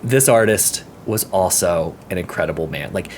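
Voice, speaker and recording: A man co-hosting a podcast, telling a story in an animated way and acting out what people said. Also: deep voice, moderate pace, slight background noise. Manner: animated storyteller, acts out quotes. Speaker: podcast co-host. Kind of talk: casual chat, storytelling.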